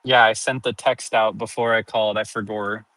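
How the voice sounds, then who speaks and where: A man's voice: on the low side, little pitch movement, normal speed, pushed and bright, dry recording, poor audio. A sleepy man streaming casual chat to his viewers, giggling often between sentences and turning playfully dramatic.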